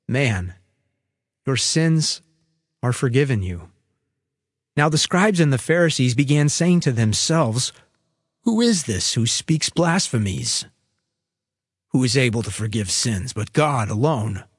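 A man preaching a sermon, reading scripture aloud in a measured, deliberate way before turning to a story. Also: mid-range voice, dry recording, studio quality.

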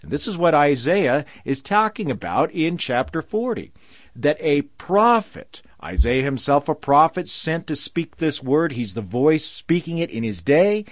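A man preaching a sermon. He slows down and lifts his voice for emphasis when he quotes scripture. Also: fairly high pitch, sing-song, no room sound, clean studio sound.

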